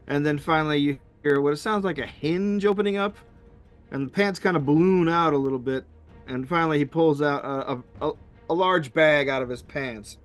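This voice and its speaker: Man, game master narration, slightly high voice, stumbling restarts, faint music behind. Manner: halting, full of fillers and restarts.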